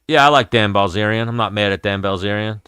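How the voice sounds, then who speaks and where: A man in his thirties hosts a casual fight-talk livestream, chatting loosely and cursing often. His voice is slightly low, with a bright, forceful edge and a crisp, clear sound. The recording is dry and close. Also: quick pace, no room sound. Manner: rambling, profane, chatty. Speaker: host of an MMA livestream.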